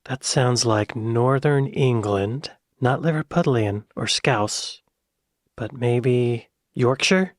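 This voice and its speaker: American guy reacting to clips, talks his guesses out loud, gets excited, dry close sound. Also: mid-range voice, slow pace, dry recording. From United States. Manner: thinks aloud, excitable bursts. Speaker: reaction video host. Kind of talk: casual reaction commentary.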